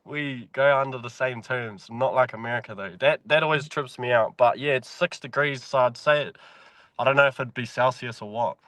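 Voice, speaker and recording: A medium-pitched, slightly bright male voice with a New Zealand accent moves at a moderate pace, with no echo. He's a mine worker from New Zealand guesting on a podcast, chatting in a relaxed way and cursing liberally.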